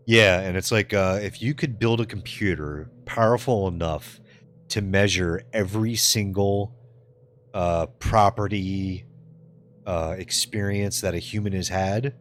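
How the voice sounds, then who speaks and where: Low-voiced, swearing, laughing streamer guy. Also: a little slow, slight background noise. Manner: loose and profane, joking and laughing often. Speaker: live streamer. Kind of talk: casual live-stream chat, reading and answering viewers.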